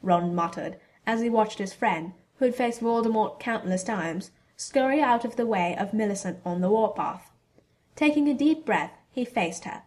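A woman's voice: mid-range voice, moderate pace, darkish tone. Woman reading a story aloud. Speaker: narrator. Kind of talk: fan fiction reading.

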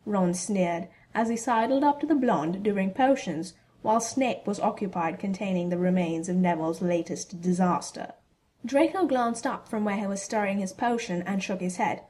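Female narrator for a storybook reading; steady, even delivery. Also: mid-range voice, moderate pace. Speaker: reader. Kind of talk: storybook fan fiction reading.

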